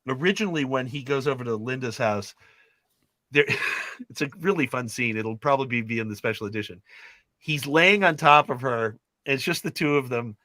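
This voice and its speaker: A man's voice: medium pitch, moderate pace, bright, forceful tone, no echo. A man retelling film scenes in casual chat, acting out the characters' lines as he goes. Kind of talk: animated storytelling in casual chat.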